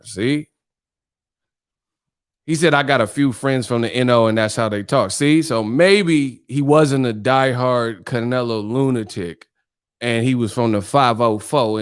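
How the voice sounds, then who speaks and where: Dude running a live stream, cussing and joking with chat, mid voice, dry close sound. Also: male voice, mid-range voice, clean tone, dry recording. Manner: animated, profane, teasing with chat. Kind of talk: casual live stream commentary.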